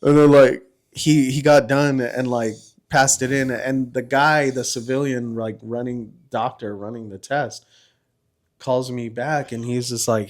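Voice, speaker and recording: A middle-aged man swaps army stories on a podcast, swearing freely and laughing as he goes. He acts out the voices of the people in his tale. His pitch sits in an ordinary middle range. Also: steady tone, a little slow. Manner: profane, laughing storyteller who acts out quotes. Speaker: podcast guest, former Marine. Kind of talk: casual storytelling chat.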